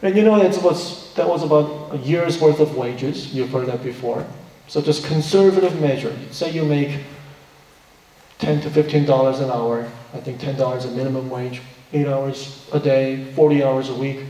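A male pastor delivers a sermon in a soft-toned, slightly high voice, explaining the passage earnestly and posing rhetorical questions. He sounds distant from the mic. A large hall's long reverb trails after every phrase. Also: moderate pace. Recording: echoey hall from far off.

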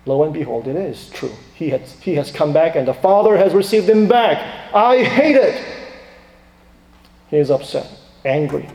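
A man preaching a sermon dramatically, swinging from loud emphatic questions to quiet asides. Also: a little high, brisk, gravelly. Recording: echoey reverberant hall.

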